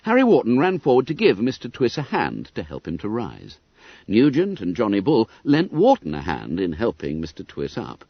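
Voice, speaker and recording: Expressive male audiobook narrator. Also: on the low side, moderate pace, breathy edge, no echo. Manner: expressive, lively storytelling. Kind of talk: scripted narration. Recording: dull, dry audiobook recording.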